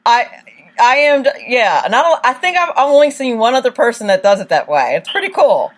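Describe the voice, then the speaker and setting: Female talk-show host, lively and animated intonation, chatty and upbeat, affirms her guest often. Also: a little high, fairly quick. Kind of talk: casual radio interview.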